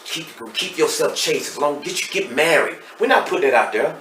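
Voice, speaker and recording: Fast-talking Texan man, roomy off-mic sound. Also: a little high, expressive, recorded from a distance. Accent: Southern US, Texas. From Dallas, Texas. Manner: fast, streetwise and intense, swings between loud and hushed. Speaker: podcast guest, hip hop artist. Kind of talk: candid emotional storytelling. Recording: roomy echo, off-mic, faint noise.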